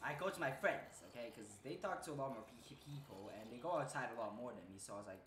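Young man, Brazilian accent, native Portuguese speaker, rambling casual storytelling, bright animated voice, echoey room. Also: mid-range voice, quick pace, a little hiss or hum. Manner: rambling, fills every phrase with "okay?" and "bro". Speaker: student vlogger.

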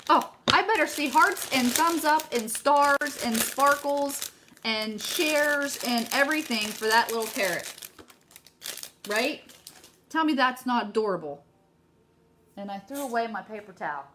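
A middle-aged woman leads a casual live craft demo from her home, gushing over her work. She talks straight to her viewers in a chatty, excited way. Her voice sits a bit high. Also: slight background noise. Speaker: craft video host.

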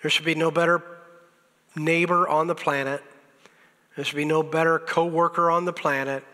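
A pastor with a high, bright male voice preaches a sermon in a reverberant church sanctuary, keeping a level tone at normal speed. He is earnest and exhorting, repeating lines for emphasis, and he pokes fun at himself with chuckles.

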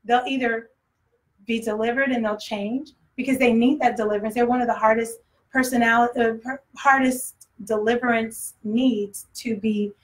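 A woman's voice: on the high side, steady tone, moderate pace, poor audio. A woman preaching a sermon in a conversational way, often acting out voices and laughing.

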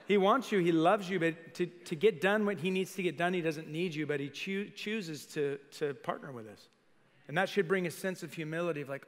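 A male senior pastor preaching a lively sermon to a congregation, acting out quoted voices and putting questions to the crowd. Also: fairly high pitch, brisk. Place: church sanctuary. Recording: live sermon in a reverberant church hall.

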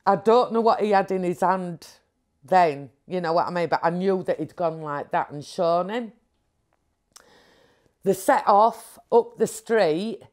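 A woman, her voice sitting a little low, tells a personal story in an interview. She is candid and animated, often acting out the movements she describes. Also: measured pace. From England.

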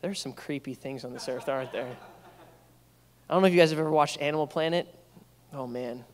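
A young man preaches from a church stage in a casual, storytelling way, slipping into playful asides. His voice sits a little high for a man. The sound carries a long reverb from the sanctuary. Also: quick pace. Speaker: pastor. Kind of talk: sermon.

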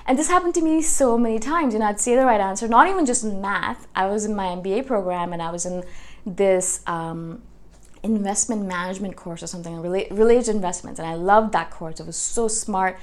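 Animated woman vlogger telling stories. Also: mid-range voice, brisk. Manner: animated storytelling, often ends with a tag question. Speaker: YouTube host. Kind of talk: casual personal vlog.

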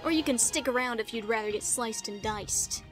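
A woman's voice: fairly high pitch, normal speed, music in the background, lightly acted. A woman voicing a tiny, hot-tempered male wandering artist sprite, reading his lines in a grumpy, snappy way. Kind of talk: reading game dialogue aloud.

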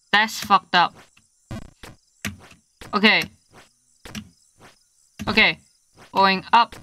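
A woman's voice: mid-range voice, pushed and bright, slight background noise. A young woman streaming a game live, swearing and yelping in frustration as she plays. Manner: swearing, frustrated outbursts and playful yelps. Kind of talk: live gameplay stream chatter.

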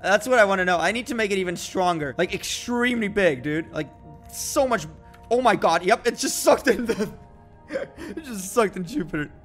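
A man's voice: high voice, animated, moderate pace, fairly bright tone. A young man giving casual, joking commentary while playing a space simulation game, exclaiming often. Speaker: gaming YouTuber. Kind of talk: casual let's-play commentary. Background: faint background music.

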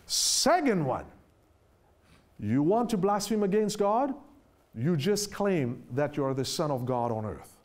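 A man preaching with a high voice that swings widely in pitch. He drives each point home, keeps asking his listeners questions, and slows right down to read scripture aloud. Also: very animated. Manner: emphatic, asks the listeners rhetorical questions; reads scripture aloud slowly with heavy stress. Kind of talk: sermon.

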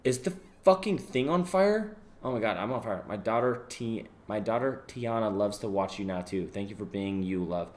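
A young man live-streaming, casually reading out donations and thanking viewers, swearing freely and yelling when a game goes wrong. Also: on the low side, a little fast, few pauses. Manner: excitable, swears freely, yells during gameplay. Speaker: livestreamer.

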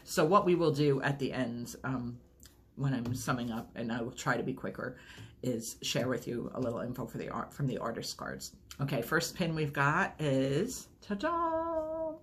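A woman's voice: very deep voice, normal speed, a little hiss or hum. A woman chatting casually through an unboxing video, rambling and gushing over each item. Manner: enthusiastic, gushing. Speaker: unboxing vlogger.

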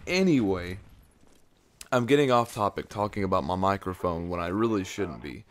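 A man's voice: deep voice, expressive, normal speed. A young man chatting casually over gameplay footage into a mic right at his face, rambling off topic with lots of "like" and "uh.". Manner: rambling, filler-heavy, off-topic. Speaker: gaming video creator. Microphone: close mic right at his face.

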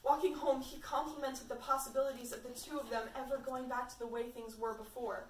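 A woman with a high-pitched, steady voice reads fan fiction aloud fairly quickly in a room at a party, casually and like an amateur, occasionally stumbling over words. The mic is far off in an echoey room, picking up faint background sounds and a little hiss or hum.

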